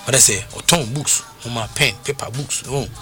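A man with a Ghanaian accent hosting a radio talk show, telling stories in a lively, sing-song way and mixing Twi with English. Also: mid-range voice, normal speed. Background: music bed.

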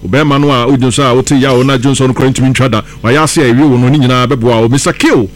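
A man calling in to a radio show, rambling and halting, with many fillers. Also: mid-range voice, fairly even intonation.

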